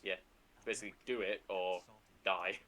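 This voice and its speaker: A man co-commenting on a game stream in a quick, casual way. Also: low voice, fairly even intonation, sharp tone.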